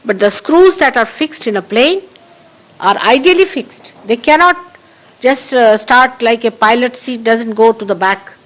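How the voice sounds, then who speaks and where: A woman's voice: fairly high pitch, unhurried, fairly bright tone, poor audio. A woman giving a spiritual talk to followers, emphatic and repeating key phrases for stress. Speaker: spiritual teacher. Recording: 1982 archive recording of a talk.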